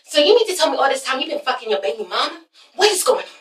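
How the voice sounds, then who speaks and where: A woman's voice: sits high, big pitch swings, rapid-fire. A woman voicing a volatile, dramatic young woman in an overwrought retelling. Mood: angry. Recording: roomy, mic at a distance.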